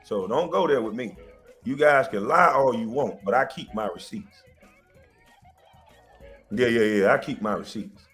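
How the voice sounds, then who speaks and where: A man's voice: mid-range voice, measured pace, pauses often, fairly bright tone, soft background music. A man hosting a livestream, defiantly defending himself and insisting he keeps his receipts, repeating points for emphasis. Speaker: livestream host. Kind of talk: heated livestream rant.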